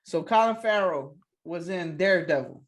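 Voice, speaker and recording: A man's voice: high voice, moderate pace. A man co-hosting a podcast in casual chat, teasing and laughing through the banter. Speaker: podcast co-host.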